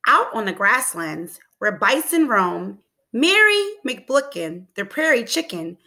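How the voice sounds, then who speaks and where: A woman teacher reading a storybook aloud to children, expressive and asking them encouraging questions. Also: on the high side, slow. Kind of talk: storybook read-aloud lesson.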